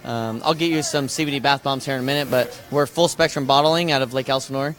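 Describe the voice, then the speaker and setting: A man who makes drinks, chatting casually and pitching his products with enthusiasm. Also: fairly even intonation, fairly bright tone, soft background music. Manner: enthusiastic pitch, quick talker. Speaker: drink manufacturer. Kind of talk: casual chat.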